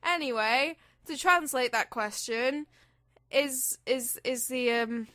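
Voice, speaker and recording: A woman's voice: high-pitched, slow, pushed and bright, no echo, clean studio sound. A young woman co-hosting a casual podcast, rambling and chatty, swearing now and then. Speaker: podcast co-host. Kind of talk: casual chat.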